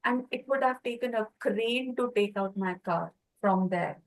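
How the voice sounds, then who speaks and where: A woman teaching a Reiki class, telling personal stories in a lively way and acting out the voices of the people in them. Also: medium pitch, moderate pace, rough recording. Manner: lively storyteller, acts out quoted voices.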